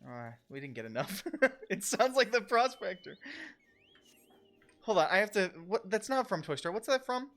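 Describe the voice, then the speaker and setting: A man streaming a video game, chatting casually in a rambling, excitable way with laughter and swearing. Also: sits high, moderate pace. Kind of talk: casual livestream gaming commentary.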